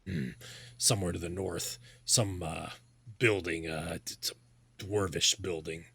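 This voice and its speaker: A man's voice: deep voice, steady tone, a little slow, creaky, fairly bright tone, husky, no room sound, exaggerated voice. A man voicing a hostile captured male orc warrior who is crude and insulting. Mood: scornful.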